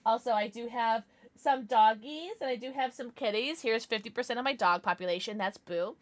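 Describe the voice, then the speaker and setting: A woman livestreaming a game from home, chatting excitedly with her viewers and cooing at her pets. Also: a little high, moderate pace, no echo. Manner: bubbly and excitable, greets chat; talks baby talk to her pets. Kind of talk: casual livestream chat while gaming.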